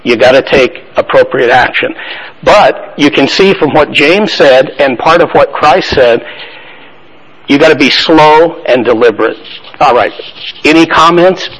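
A man's voice: fairly high pitch, measured pace, fairly bright tone, poor audio. Man teaching a Bible study class. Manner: asks the class questions and affirms answers; conversational, plain-spoken.

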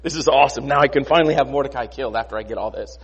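A man's voice: mid-range voice, very fast, creaky, lo-fi sound, natural voice. A man voicing a proud, spiteful royal official, speaking in an emphatic, gloating way.

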